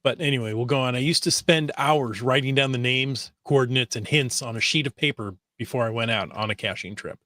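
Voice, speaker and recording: An easygoing man co-hosts a podcast in a middle pitch. He reads listener comments aloud and reminisces between them. The sound is dry and close to the mic. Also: brisk, few pauses, bright, forceful tone, no echo. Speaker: podcast co-host. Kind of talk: casual chat, reading listener comments.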